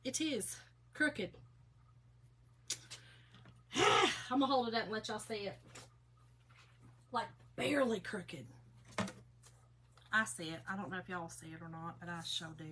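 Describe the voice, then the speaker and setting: A woman's voice: medium pitch, measured pace, pauses often, pushed and bright, slight background noise. A middle-aged woman, hosting a casual crafting livestream and chatting folksily to her viewers as she works.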